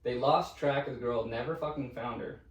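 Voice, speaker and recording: A man's voice: mid-range voice, moderate pace, lo-fi sound. Casual man telling spooky stories, roomy sound. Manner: profane, animated storyteller. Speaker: podcast co-host. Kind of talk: casual storytelling chat. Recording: roomy, distant mic.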